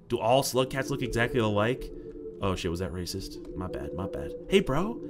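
A man giving jokey, excitable commentary while playing a game, swinging from loud outbursts to hushed muttering. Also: on the low side, moderate pace, very noisy. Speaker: gaming video creator. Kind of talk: let's play commentary.

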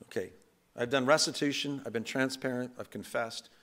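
A man pastor giving a conversational, self-deprecating sermon in a church, slipping into quick acted asides. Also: medium pitch, animated, fairly bright tone. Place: church sanctuary.

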